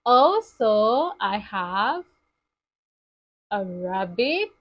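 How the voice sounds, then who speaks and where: A woman teaching toddlers, speaking in a slow, sing-song, exaggerated way. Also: medium pitch, very animated, heavy background noise. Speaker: children's teacher. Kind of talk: toddler lesson.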